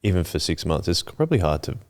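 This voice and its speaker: A man hosting a church podcast who asks loose, rambling questions in a relaxed way. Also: deep voice, quick pace. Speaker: podcast host. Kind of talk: casual interview. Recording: audio-only podcast.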